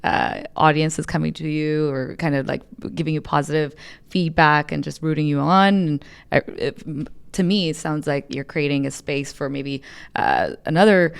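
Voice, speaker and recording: A woman's voice: sits low, moderate pace, vocal fry, clear, resonant tone. A woman co-hosting a podcast, asking questions in a hesitant, casual way. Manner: hesitant, many "uh" fillers and restarts. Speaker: podcast co-host. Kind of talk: casual interview chat.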